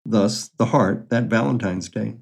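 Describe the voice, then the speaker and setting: A man's voice: fairly low pitch, unhurried, creaky, darkish tone, slightly rough. An older man reading his own memoir stories aloud in a dry, matter-of-fact, wry way. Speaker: memoir storyteller.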